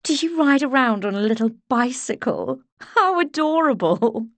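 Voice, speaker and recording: A woman's voice: sits high, animated, moderate pace, a bit bright, no room sound, pitched above the performer's own voice. A woman reading an audiobook, voicing a condescending posh young woman who gushes patronizingly. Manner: gushing, patronizing.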